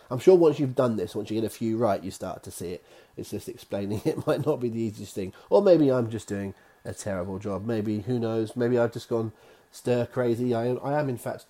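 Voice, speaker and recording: A man's voice: lowish voice, dark tone. A man hosting a quiz from his own office, reading each question twice with chatty asides. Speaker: quiz host.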